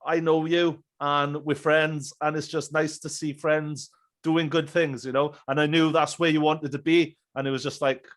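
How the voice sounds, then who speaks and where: Higher-voiced male podcast host. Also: flat delivery, moderate pace, fairly bright tone. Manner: friendly, encouraging short replies. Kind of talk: casual interview chat.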